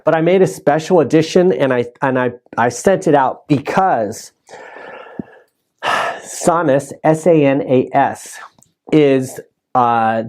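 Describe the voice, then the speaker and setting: A man's voice: a little high, a little mellow. A man hosting a podcast, recapping his season in a casual, rambling way and correcting himself as he goes. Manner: rambling, self-correcting with restarts. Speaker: podcast host.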